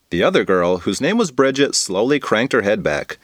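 A man's voice: on the low side, lively intonation, moderate pace, few pauses, no echo, studio quality. A man narrating a goofy children's story in a playful, comic manner. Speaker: podcast storyteller.

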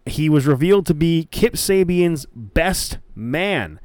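A young man hosting a wrestling podcast alone, chatting casually and getting excited, often repeating words. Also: fairly high pitch, slow, no room sound, clean studio sound. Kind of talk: casual solo commentary.

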